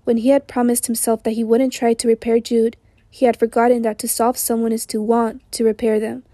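A hoarse woman narrating an audiobook in a measured, even literary reading. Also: a little high, no echo.

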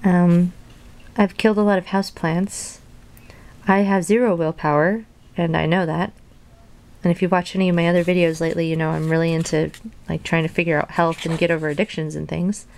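A woman's voice: lowish voice, flat delivery, brisk, creaky, darkish tone. Woman reading a children's book aloud. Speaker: reader and video host. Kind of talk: reading a children's storybook aloud, then casual chat.

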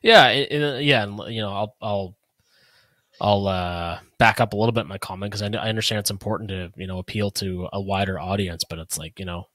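Man, 30s, podcast co-host, rambling casual chat, low pitch, dry close mic. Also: steady tone, brisk, fairly bright tone, no room sound. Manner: rambling, trails off into asides.

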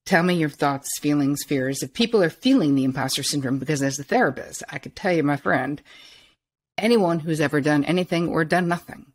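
Low, husky woman podcast host. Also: animated, a little fast. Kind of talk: interviewing.

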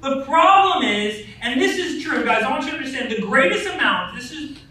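A man's voice: very high voice, animated, fairly quick, bright, forceful tone. A man preaching a sermon as pastor, talking conversationally with frequent "right?" asides and stories about his family. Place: church sanctuary. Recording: echoey hall, voice from a distance, faint noise.

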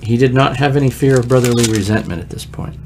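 A man leading morning prayer as pastor, reading scripture and explaining it with lively, conversational asides. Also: mid-range voice, quick pace, a little hiss or hum. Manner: conversational, lively asides, frequent "right?" check-ins. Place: church.

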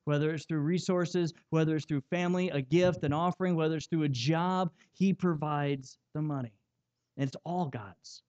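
Animated young male pastor preaching. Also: fairly high pitch, muffled recording. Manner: animated, self-mocking storytelling with many restarts. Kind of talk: sermon.

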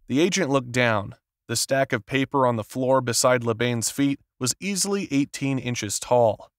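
In clean studio sound with no echo, a man reads an audiobook aloud. His medium-pitched voice keeps a steady, measured storytelling pace through the scripted narration.

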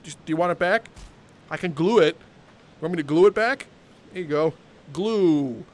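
A man live-streaming a game, joking with his chat, with bursts of laughter and loud theatrical exclamations. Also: on the high side, a little fast.

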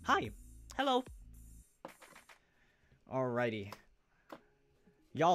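A man's voice: a little high, fairly bright tone. Hyped young man streaming, slangy chat. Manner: hyped, slangy, chatty with viewers. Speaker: live stream host opening trading cards. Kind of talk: casual live-stream chat.

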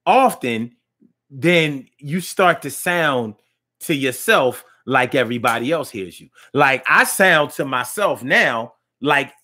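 A man's voice: a little high, pushed and bright. A man hosting a casual live-stream talk show, chatting loosely with slang and lots of restarts, reading viewer comments aloud.

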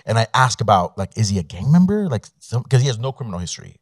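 A low-pitched man speaks to an audience as an attorney, telling a case story in a relaxed, chatty way. He slips into quoted dialogue often and fills pauses with ums and uhs. The sound is dry and close. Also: slightly rough, no echo. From Mexico. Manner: conversational, many fillers and quoted dialogue. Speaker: immigration attorney, guest speaker. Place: law school event room.

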